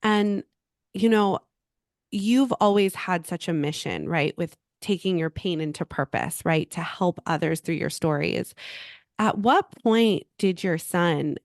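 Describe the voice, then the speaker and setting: A woman podcast host with a very low voice and a gravelly edge. She sounds moved and affirming as she responds to her guest. The recording is dry and close. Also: a little slow, no echo. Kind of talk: interview questions.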